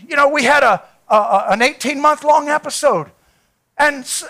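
A man's voice: extremely high pitch, gravelly, bright, forceful tone. A male pastor preaching a sermon, telling a personal testimony in an earnest, heartfelt way.

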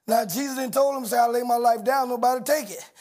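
A man preaching a sermon, shouting and acting out quoted voices with call-and-response. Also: extremely high pitch, fast talker.

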